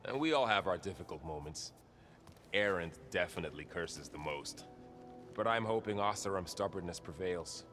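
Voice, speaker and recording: A man's voice: sits low, expressive, moderate pace, fairly bright tone. An actor playing a loyal, friendly young male warrior in a video game, speaking in an easygoing way. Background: game music.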